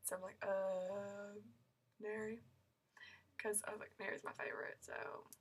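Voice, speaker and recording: A woman's voice: mid-range voice, flat delivery, quick pace, creaky, bright, forceful tone, slightly rough. A teenage girl telling a story in a vlog, gushing and rambling with many fillers and squealing when she quotes herself. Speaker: vlogger.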